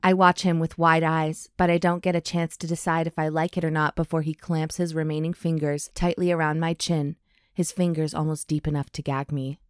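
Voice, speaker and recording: A woman's voice: sits low, little pitch movement, no room sound, studio quality. A woman co-hosting a podcast, chatting casually and reading a steamy romance novel aloud, lingering on the hot lines. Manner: reads steamy passages slowly with breathy emphasis, laughs often. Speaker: podcast co-host.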